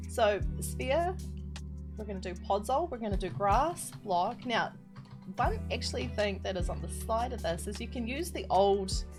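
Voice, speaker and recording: A young woman, chatting casually and giggling as she streams a building tutorial and reads out her chat. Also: medium pitch. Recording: music playing behind.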